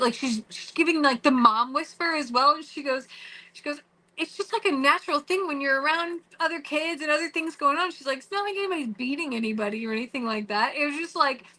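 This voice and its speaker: A woman's voice: high voice, bright, forceful tone, poor audio. A middle-aged woman telling a story to camera in a chatty way, with many restarts and quoted remarks. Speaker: vlogger.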